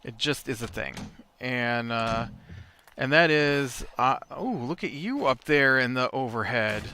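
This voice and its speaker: Man, let's play host, bright forceful tone, casual rambling commentary, faint background noise. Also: mid-range voice, a little slow. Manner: rambling, storytelling between game remarks.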